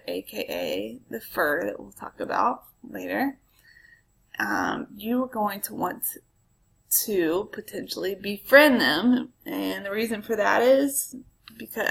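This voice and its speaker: Woman, history teacher, casual lecture, chatty with ums, gravelly voice, mid pitch. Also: bright, forceful tone, rough recording. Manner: chatty, frequent ums, asides to students.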